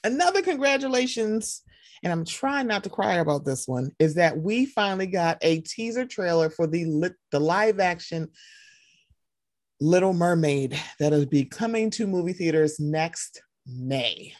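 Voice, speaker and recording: Young woman co-hosting a podcast, lowish voice, super animated, dry mic. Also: measured pace, no room sound. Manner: animated, jumps into high excited voices when quoting. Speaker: podcast co-host. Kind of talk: casual chat.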